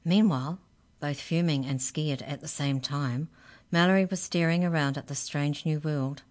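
A woman hosting a radio storytime, reading a children's book aloud in an expressive, gentle way. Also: deep voice, moderate pace. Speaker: storytime reader on community radio.

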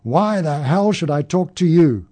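A man's voice: mid-range voice, animated, a little slow, warm tone. Storybook heavy: man voicing a bellowing, hostile drunk labourer. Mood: angry roaring. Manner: roaring, belligerent. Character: drunk, enraged male labourer.

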